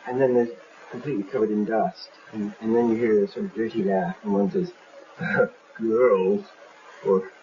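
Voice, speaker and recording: A man's voice: fairly low pitch, animated, fast, gravelly, warm tone. A man animatedly explaining his film in an interview, acting out scenes as he goes. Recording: muffled, slightly hissy archive tape.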